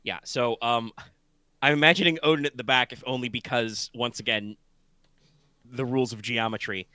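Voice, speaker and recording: A drowsy male game master describes scenes over an online call, wandering through fillers and restarts. His voice is bright and crisp. The sound is dry and close. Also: mid-range voice, steady tone, moderate pace, dry recording. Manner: rambling, full of fillers and restarts. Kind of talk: narrating a tabletop game.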